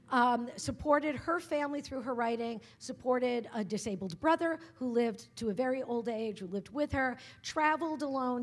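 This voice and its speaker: A woman's voice: a little high, husky. A woman humorist giving a conversational, story-filled lecture to a live audience, often tagging her points with asides. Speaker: humorist giving a public talk. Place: lecture hall at a writers' workshop.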